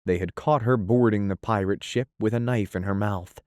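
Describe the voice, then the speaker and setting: A man narrating a classic novel as an audiobook, in a measured storytelling manner. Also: on the low side, a little mellow, clear, resonant tone, no echo. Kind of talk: scripted narration.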